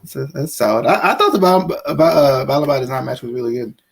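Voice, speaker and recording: A man's voice: mid-range voice, quick pace, creaky. A man co-hosting a wrestling podcast in casual chat, often stammering and repeating words as he talks. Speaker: podcast co-host.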